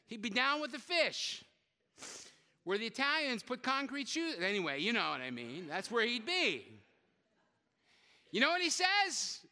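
A man preaching a sermon as a pastor, telling the story with lively voices for the characters and joking with his listeners. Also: very high-pitched, moderate pace, long pauses, big-room sound. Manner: lively storytelling, acting out quotes, joking with the congregation.

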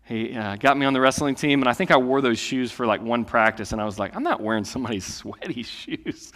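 A pastor in his late thirties preaches with an easy, conversational delivery, rising to loud declarations and dropping to hushed asides. His voice sits at an ordinary male pitch. It rings through a hall with a long reverb tail. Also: brisk. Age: late 30s. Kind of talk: sermon.

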